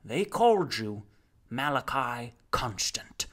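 Grandiose preacher, voiced by a man reading aloud, declamatory, lively pitch, storybook. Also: slow. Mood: questioning. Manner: solemn, declamatory, booming calls.

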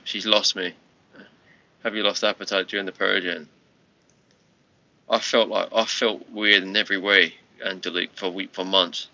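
A fairly low, very bright male voice on a dull, lo-fi stream. He rambles to his viewers in a tired, halting way and keeps starting his sentences over. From United Kingdom. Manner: rambling, halting, with many restarts. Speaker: livestream host. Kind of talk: casual live-stream chat with viewers. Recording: lo-fi muffled livestream audio.

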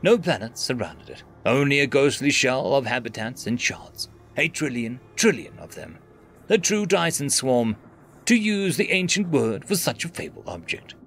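Guy reading a sci-fi tale, gravelly voice, swoops up and down a lot. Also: mid-range voice, sing-song, moderate pace, a bit bright, a little hiss or hum. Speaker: story narrator. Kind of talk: scripted sci-fi story narration.

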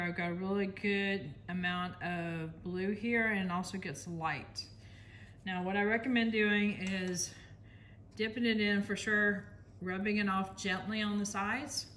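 A medium-pitched, slightly bright voice belongs to this American art instructor, who chats casually through a painting demonstration. She talks while working, apologizes to viewers from time to time, and a little hiss or hum can be heard.

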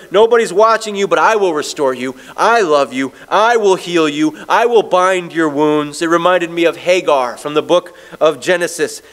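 A man pastor preaching a sermon, telling stories and slowing down to read scripture. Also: sits high, fairly bright tone. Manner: storytelling preacher, slows down on scripture.

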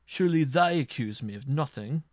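A man's voice: mid-range voice, expressive, normal speed, dry recording, clean studio sound, voice pushed up, lightly acted. A man voicing an arrogant, hot-tempered noble marshal on trial, blustering and indignant. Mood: alarmed.

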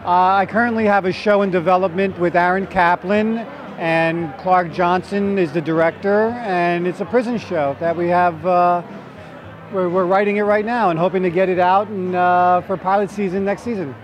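A playful man with a New Jersey accent, an actor guest, jokes and flirts through a red carpet interview outdoors. His high-pitched voice keeps fairly even intonation at a moderate pace, with crowd chatter behind him.

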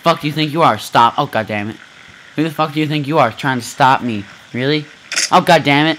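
A man giving loud, profane let's play commentary from home, often yelling as he reacts to the game. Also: on the high side, a little fast, background noise. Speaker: gamer.

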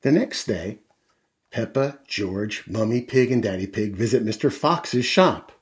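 A man's voice: on the low side, lively intonation, measured pace, slightly rough. A man reading a picture book aloud to children as a storyteller, adding friendly asides to young listeners.

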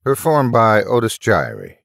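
A man narrating a story in a measured, dramatic storytelling manner. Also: lowish voice, wildly swooping pitch, creaky, a bit bright, no echo, clean studio sound.

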